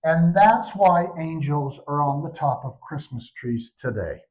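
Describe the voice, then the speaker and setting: Older man, animated storyteller. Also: on the high side, unhurried, rough recording. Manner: animated, expressive narration. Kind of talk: live storytelling performance.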